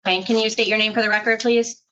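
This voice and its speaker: Quick, bright-voiced woman swearing in. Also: fairly high pitch, fairly even intonation, lo-fi sound. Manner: crisp, rote questioning. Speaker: court magistrate. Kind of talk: courtroom proceedings.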